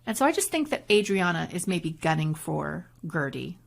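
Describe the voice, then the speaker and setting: A woman co-hosting a casual podcast, her voice sitting a bit low. She recaps events in an animated storytelling manner, talking through each scene. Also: vocal fry. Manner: animated, storytelling, quick recaps with acted quotes. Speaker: podcast co-host. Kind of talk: casual chat reviewing reality TV.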